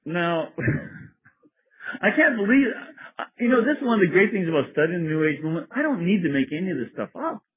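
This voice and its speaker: A priest tells wry stories in a lecture, often chuckling at his own material. His slightly high voice swings widely in pitch and has a husky edge. The sound is tinny and narrow, like a phone line. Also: sing-song, moderate pace. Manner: wry, storytelling, laughs at his own anecdotes. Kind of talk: sermon-like lecture.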